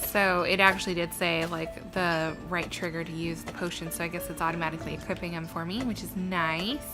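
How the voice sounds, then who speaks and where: A woman's voice: fairly low pitch, fairly even intonation, brisk, over music. A woman giving chatty, giggly commentary while playing a video game. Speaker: let's play gamer.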